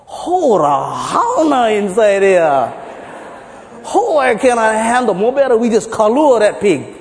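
A man's voice: high-pitched, sing-song, slow pace, big-room sound, a little hiss or hum, pitched above the performer's own voice, full character voice. A man doing a boastful pidgin-talking cowboy. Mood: disgusted. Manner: heavy pidgin, repeating himself. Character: boastful local cowboy from a joke.

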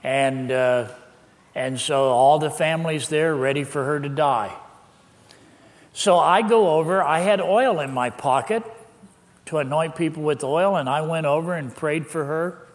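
Older male pastor with a slightly high voice who tells anecdotes with laughs, recorded with long church-hall reverb. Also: measured pace. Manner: lively anecdotal telling, with laughs. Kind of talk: sermon storytelling.

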